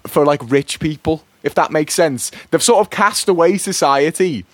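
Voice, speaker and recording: Young guy rambling through a story on radio, voice a bit high, dry close mic. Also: normal speed, no room sound. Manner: rambling, laughing, lots of fillers. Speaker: co-presenter. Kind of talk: casual storytelling chat. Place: radio studio.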